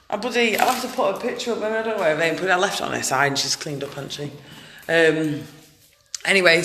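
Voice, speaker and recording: A woman ranting in a casual vlog, loud, blunt and indignant. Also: mid-range voice. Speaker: vlogger, animal rights activist. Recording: echoey room with long reverb.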